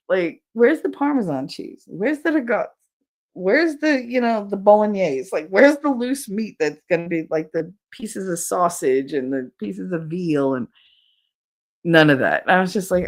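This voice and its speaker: A woman from New Jersey with a New Jersey accent, hosting a podcast in casual chat, animated and exasperated, swearing freely. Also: medium pitch, moderate pace. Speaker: podcast host reading live chat.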